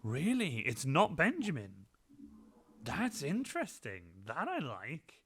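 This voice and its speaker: A woman hosting a casual livestream interview, her voice extremely low yet swinging widely in pitch. She is eager and chatty, repeating praise and laughing often. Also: wildly swooping pitch, slow pace. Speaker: livestream host.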